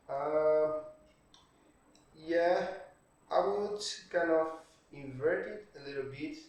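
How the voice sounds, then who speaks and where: A man, a non-native speaker whose first language is Portuguese, walking through a software tutorial while thinking aloud and checking in with tag questions. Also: medium pitch. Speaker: 3D art tutorial creator. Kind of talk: screen-recorded software tutorial. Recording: very echoey room, distant mic.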